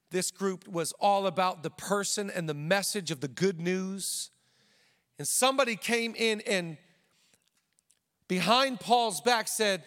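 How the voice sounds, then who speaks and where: High-voiced man preaching in a reverberant hall. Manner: animated preaching with quick asides and playful voices. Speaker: pastor. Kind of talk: sermon.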